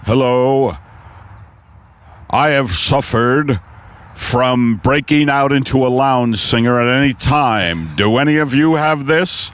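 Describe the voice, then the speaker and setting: Slow rambling man riffing outdoors. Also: mid-range voice, a bit bright, clear, resonant tone. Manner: rambling, trailing off, frequent restarts and chuckles. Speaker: podcast host. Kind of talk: improvised comedy riffing. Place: outdoors in a park.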